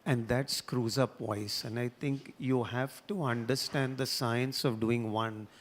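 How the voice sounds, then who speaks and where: A man's voice: mid-range voice, steady tone, unhurried. A man speaking as a surgeon on a panel, emphatic and insistent. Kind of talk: panel discussion.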